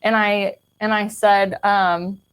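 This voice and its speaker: A woman's voice: medium pitch, little pitch movement, slow pace, fairly bright tone, clean tone. A young adult woman from the American Midwest, a podcast guest, telling her personal story in a frank, chatty way with lots of "like" and casual swearing. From Kansas City, Missouri, US.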